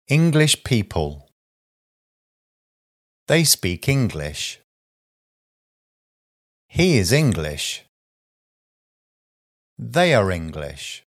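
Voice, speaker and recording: Very slow, deep-voiced man reading vocabulary. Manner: slow, deliberate, pausing after each short phrase. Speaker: vocabulary teacher. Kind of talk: reading a vocabulary list aloud.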